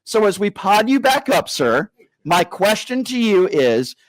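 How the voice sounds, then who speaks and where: A man hosting a live call-in radio show, berating a caller and slowing down to lecture him. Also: high voice, big pitch swings, no room sound, low-quality recording. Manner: combative, insulting, slows down to lecture. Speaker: radio talk show host.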